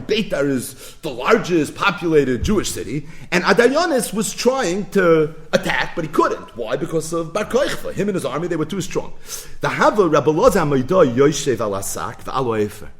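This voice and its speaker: A man's voice: a little high, very animated, normal speed. A man teaching a Talmud lesson, retelling the story dramatically and building to emphatic peaks. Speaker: Talmud lecturer.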